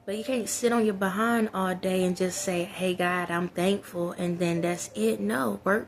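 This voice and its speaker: A woman's voice: lowish voice, steady tone, normal speed, creaky, few pauses, faint music behind. Preachy woman giving blunt life advice. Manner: preachy, talks straight to viewers, repeats key phrases. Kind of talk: casual spoken pep talk.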